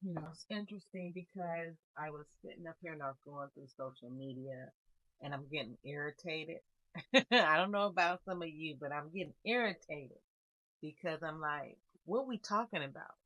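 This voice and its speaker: A woman giving a casual spiritual card reading, speaking calmly and musingly with a melancholy air. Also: deep voice, no room sound, rough recording. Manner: calm, unhurried, musing with soft laughs. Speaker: tarot reader.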